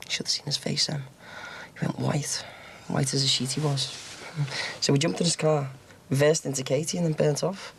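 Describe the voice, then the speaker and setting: Swaggering young scouse ex-con, gravelly, bragging and chuckling, tv soap. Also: male voice, a little high, level tone, moderate pace, fairly bright tone, slight background noise. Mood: boastful. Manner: boastful swaggering storyteller, chuckling. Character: cocky young male ex-con bragging about violence. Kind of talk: TV soap drama.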